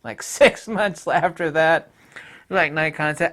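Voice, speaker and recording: Blunt, jokey man reviewing cameras. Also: slow. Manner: blunt, jokey, swings from loud outbursts to low mutters. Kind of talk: off-the-cuff video review.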